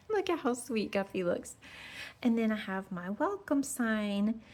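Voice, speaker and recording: A woman's voice: on the high side, big pitch swings, a little slow, a little mellow. A woman giving a chatty, gushing tour of her decorated porch, full of fillers and sweet little remarks. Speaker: home decor vlogger. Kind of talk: casual porch tour narration. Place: outdoor porch.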